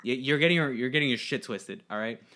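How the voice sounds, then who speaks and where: A man's voice: medium pitch, fast, sharp tone. A man co-hosting a podcast, telling the story loosely with plenty of swearing and jokes. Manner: loose, profane, jokey storytelling. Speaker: podcast co-host. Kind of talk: casual chat.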